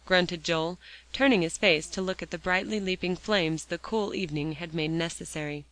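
A woman reading a children's novel aloud in steady storybook narration. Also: lowish voice, normal speed, low-quality recording. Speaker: audiobook reader.

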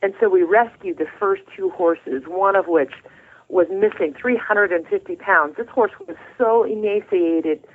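With a mid-range voice and a measured pace, a middle-aged woman appears as a guest author in an interview. Speaking over a tinny phone line, she tells the story of her faith sincerely and from the heart.

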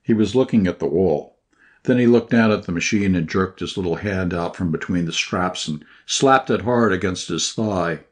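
A man reading a short story aloud in scripted first-person narration, at a measured, even pace. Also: low voice. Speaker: audiobook narrator.

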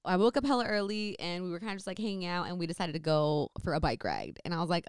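A woman's voice: on the low side, expressive, fast talker, clean tone, no room sound, studio quality. A young woman from the Bay Area, telling a story in chatty, casual talk full of "like". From San Francisco Bay Area, California. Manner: chatty, lots of "like". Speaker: vlogger.

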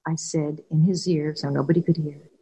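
A woman's voice: sits low, fairly even intonation, moderate pace, slightly rough, low-quality recording. An older woman, a guest and former caregiver, tells personal stories candidly and earnestly, laughing now and then. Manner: warm, earnest, laughs while telling stories.

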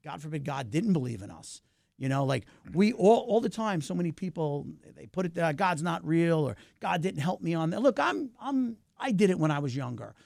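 A middle-aged man talking as a filmmaker guest in a casual interview, animated and talkative, swinging his pitch up and down. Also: normal speed, creaky, no echo, studio quality.

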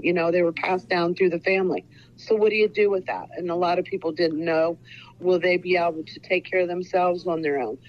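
An earnest woman in her sixties from Ohio, rambling through a casual interview with lots of fillers. Her voice sits a little low. The recording sounds dull and lo-fi. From Ohio, USA. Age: 60s. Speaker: author guest.

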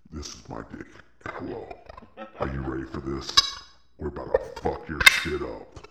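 A man voicing a brash bragging talking penis, extremely deep. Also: steady tone, moderate pace, vocal fry, sharp tone, roomy sound, soft background music, exaggerated voice. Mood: boastful. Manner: bragging, crude, hyped-up trash talk.

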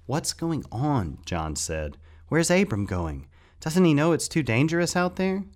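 A man's voice: low-pitched, steady tone, a little fast, gravelly. A man voicing a bewildered young boy asking urgent questions. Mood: worried.

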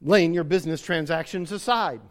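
High-voiced man preaching a sermon. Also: normal speed. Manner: expository preaching, reads scripture aloud with emphasis. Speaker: pastor.

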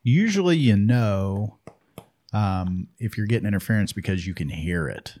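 A man's voice: lowish voice, expressive, normal speed, mellow. A man co-hosting a casual hunting chat, telling stories in a folksy, easygoing way. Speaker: podcast co-host.

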